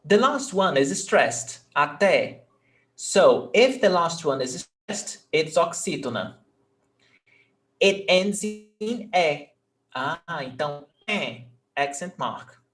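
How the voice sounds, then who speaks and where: Slow, patient teacher. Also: male voice, a little high, very animated, a bit bright. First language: Portuguese. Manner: patient, repeats words slowly for learners. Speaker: Portuguese teacher. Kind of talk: live online language lesson.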